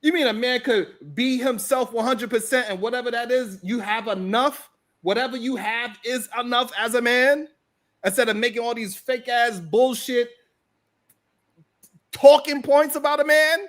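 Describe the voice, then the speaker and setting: A woman argues her point in a heated casual debate. She is brash and profane and keeps pushing her case. Her voice sits high. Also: moderate pace.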